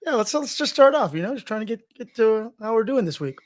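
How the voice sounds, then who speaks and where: A man's voice: sits high, sing-song, fast talker. Joking man co-hosting a podcast. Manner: loose and joking, often restarts his sentences. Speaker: podcast co-host. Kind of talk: casual chat.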